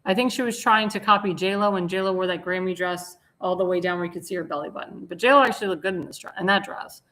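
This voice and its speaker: A woman's voice: fairly low pitch, quick pace, a bit bright. A woman hosting a talk show, giving blunt, indignant commentary on slides and sometimes searching for words.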